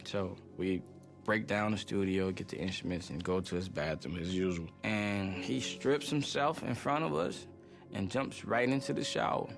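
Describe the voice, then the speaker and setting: A man, a music producer, recounting his experience in a measured, confiding documentary interview. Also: lowish voice. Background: clear documentary score.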